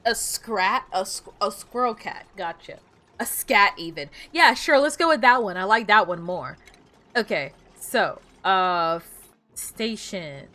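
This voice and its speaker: A woman's voice: medium pitch, expressive, a little slow, bright, forceful tone. A woman streaming a game, chatting casually, muttering to herself and breaking into playful outbursts.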